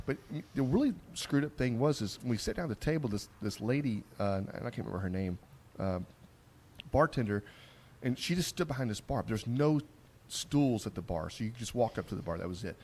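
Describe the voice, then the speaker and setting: A man hosting a barbecue podcast, telling stories in a casual, rough-spoken, rambling way with lots of restarts. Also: medium pitch, lively intonation, brisk, a little mellow. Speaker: podcast host. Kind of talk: casual chat. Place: on location at a barbecue trade conference.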